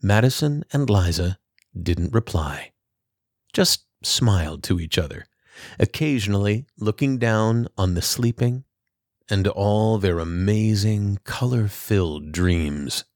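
Guy reading a bedtime story, low voice, real slow and calm, dry close sound. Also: no echo. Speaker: narrator.

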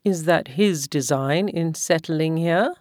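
A woman voicing a calm, ironic older husband with a teasing, drawling manner in an audiobook. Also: low voice, takes it slowly, no room sound, studio quality. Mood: dry. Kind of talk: audiobook character voice.

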